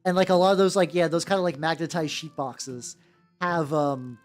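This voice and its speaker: A woman's voice: low voice, steady tone, moderate pace, soft background music. A young woman streaming and chatting casually while she paints, rambling with lots of "like" and self-interruptions.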